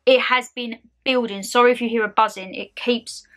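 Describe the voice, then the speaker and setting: A young woman ranting to her vlog camera at home, animated and exasperated, full of slangy asides. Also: a little high, normal speed. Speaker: vlogger. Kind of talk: casual ranting chat to camera.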